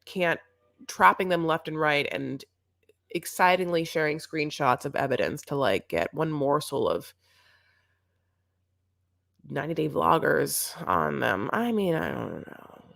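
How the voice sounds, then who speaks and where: A woman's voice: sits low, lively intonation, unhurried, gravelly, pauses often, fairly bright tone. A young woman co-hosting a TV recap show, chatting casually in a sarcastic, rambling way. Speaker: co-host of a reality TV recap show. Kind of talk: casual chat.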